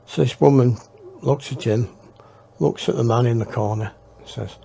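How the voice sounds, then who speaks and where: A man's voice: mid-range voice, normal speed, vocal fry, mellow, a little hiss or hum. A man telling his memoir in a rambling, reflective way. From northern England. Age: 60s. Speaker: storyteller. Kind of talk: memoir storytelling.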